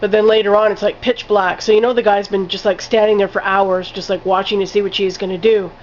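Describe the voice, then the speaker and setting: A woman talking through a film review in a loose, rambling way, dropping "like" every few words and swearing casually. Her voice sits at a middling pitch. The recording is dull and lo-fi, with a faint hiss underneath. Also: little pitch movement, brisk.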